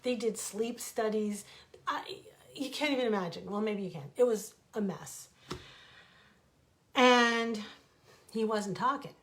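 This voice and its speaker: Middle-aged woman, fairly high voice, animated casual storyteller, rambling asides. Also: a little slow, pauses often. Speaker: author and storyteller. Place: her home.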